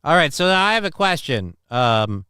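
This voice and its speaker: A man's voice: fairly high pitch, very animated, normal speed, pushed and bright, clear, resonant tone, dry recording, clean studio sound. A man hosting a live talk stream, reacting to clips and reading out chat comments in a loose, profane way. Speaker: livestream talk show host.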